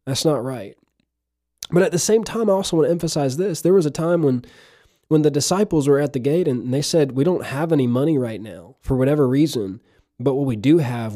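A man's voice: mid-range voice, mellow. A man preaching a conversational sermon for his podcast, asking rhetorical questions and dropping in chuckling asides.

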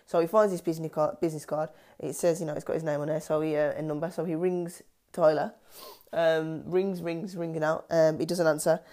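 A woman's voice: low-pitched, little pitch movement, fairly quick, few pauses, warm tone. A woman casually retelling a film's plot, hesitant, with many ums and restarts. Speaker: film discussion vlogger.

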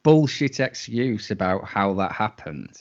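A man with a fairly low voice recounts stories in a casual podcast chat. His delivery is dry and matter-of-fact, and the sound is somewhat dull and lo-fi. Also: very animated, measured pace. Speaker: podcast co-host.

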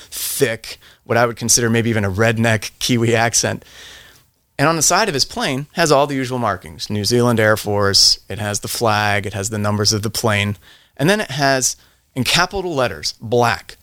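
A man's voice: medium pitch, a bit bright, clear, resonant tone, dry recording, clean studio sound. A middle-aged man, a veteran guest on a podcast, telling a long story in a rambling way, often restarting his sentences and laughing. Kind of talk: casual storytelling.

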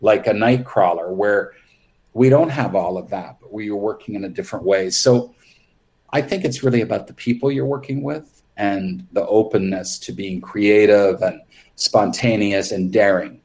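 A makeup artist appears as a guest on an interview podcast, candidly telling stories about his film work in a rambling way and often restarting his sentences. His voice is fairly low and a little mellow, and he speaks at a normal speed.

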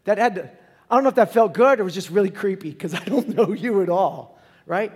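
A man's voice: high voice, expressive, brisk, a little mellow, slightly rough, long reverb tail. A man preaching a sermon as pastor, conversational and joking as he retells the story.

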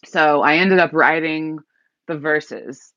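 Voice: mid-range voice, fairly even intonation, takes it slowly, bright, forceful tone, no room sound. A singer-songwriter guest telling a story in a casual interview, rambling with many likes and restarts. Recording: dull lo-fi recording.

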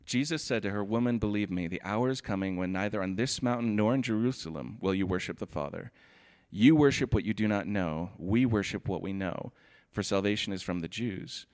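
Male pastor, lower voice, sermon delivery, steady reading mixed with casual asides. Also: brisk. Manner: reads scripture steadily, then comments in a relaxed, chatty way with "like".

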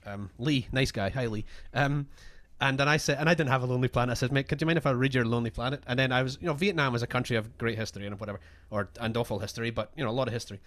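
A man's voice: mid-range voice, very fast, few pauses, fairly bright tone. A chatty man co-hosting a podcast, telling a story in a loose, self-deprecating way. His voice is in an ordinary middle range, and his sentences restart often. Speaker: podcast co-host. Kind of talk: casual storytelling.

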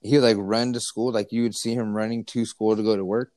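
A man's voice: lowish voice, little pitch movement, fast, a little mellow, no room sound. A young man telling a story in casual chat, rambling with lots of fillers and restarts, teasing his friend.

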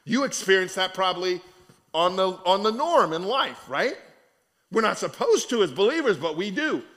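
A man preaching a conversational sermon in an animated, colloquial way. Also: high-pitched, moderate pace.

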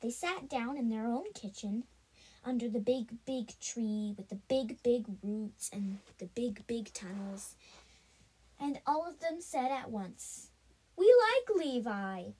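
A woman improvising a told story, halting often with restarts and fillers. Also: on the high side, dark tone, breathy edge, poor audio.

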